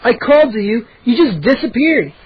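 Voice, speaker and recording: A man reading a storybook aloud, voicing a terrified young boy who shouts frantically. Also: very high voice, very animated, normal speed, narrow, tinny audio, voice pushed up. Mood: agitated.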